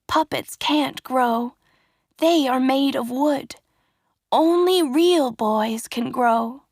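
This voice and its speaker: A woman voicing a kind, gentle fairy who speaks softly and slowly. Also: sits high, no room sound, studio quality, voice pushed up, exaggerated voice. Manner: soft, gentle and slow, sometimes hushed.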